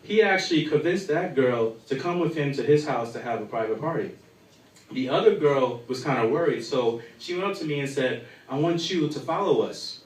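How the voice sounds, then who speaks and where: A man's voice: medium pitch, expressive, brisk. Young man, stand-up comedy, crude and rambling, lots of ums, echoing room, distant mic. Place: live comedy show in a bar. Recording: echoey room from far off.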